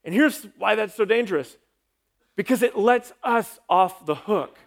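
A man's voice: sits high, lively intonation, unhurried, gravelly. A man, a pastor, giving an emphatic sermon with a sarcastic edge.

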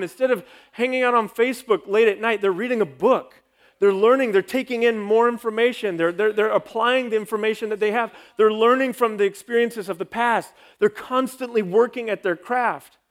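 High-voiced man preaching emphatically. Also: moderate pace. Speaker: pastor. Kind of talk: sermon.

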